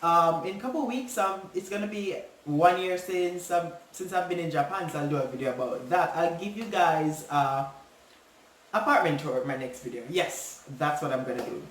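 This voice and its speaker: Young guy vlogging, lively storytelling, a bit high, echoey room and far from the mic. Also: normal speed, a little hiss or hum. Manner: animated, acts out quoted voices. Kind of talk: casual vlog storytelling.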